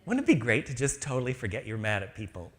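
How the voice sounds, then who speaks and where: A man's voice: medium pitch, sing-song, quick pace. A man giving an inspirational spiritual talk to a live audience, joking and acting out small voices. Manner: playful, jokey, acts out little voices. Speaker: spiritual speaker.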